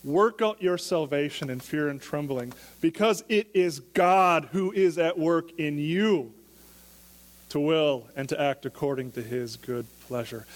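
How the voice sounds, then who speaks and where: Speaking in a large hall, a pastor with a voice on the high side takes an unhurried pace through his sermon. He keeps it conversational, putting a steady run of questions to the listeners.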